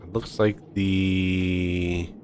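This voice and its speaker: A man's voice: deep voice, flat delivery, very slow, darkish tone, a little hiss or hum. A man streaming a multiplayer game, casually thinking aloud and counting off steps as he builds. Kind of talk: casual multiplayer gameplay chat.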